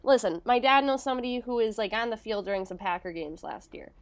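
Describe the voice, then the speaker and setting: High, lively young woman. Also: fast talker. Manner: excitable, animated, exclamatory. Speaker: podcast co-host. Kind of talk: casual sports chat.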